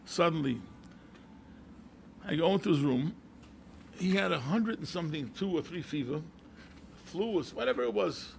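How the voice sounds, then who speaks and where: Animated older rabbi, gravelly and high. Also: male voice, moderate pace, long pauses, slight background noise. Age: 70s. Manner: animated, repeats phrases, mixes in Yiddish and Hebrew words. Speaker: rabbi and yeshiva head. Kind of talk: storytelling talk to an audience.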